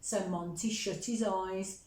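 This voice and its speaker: A woman reading a picture book aloud to children, gently chatting with them between pages. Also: medium pitch, steady tone, slow. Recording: roomy echo.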